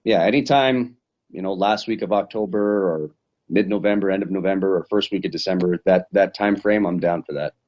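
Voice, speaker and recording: Low-voiced fighter on a dull line. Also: male voice, brisk, a little mellow. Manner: swearing, rambling storyteller. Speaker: professional fighter. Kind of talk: casual interview recap. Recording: dull lo-fi sound.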